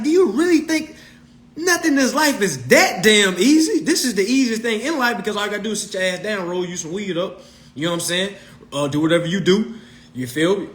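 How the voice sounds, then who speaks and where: A man's voice: sits high, fairly bright tone. A man coaching followers on consumer law in a profane, mocking rant. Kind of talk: ranting monologue to followers.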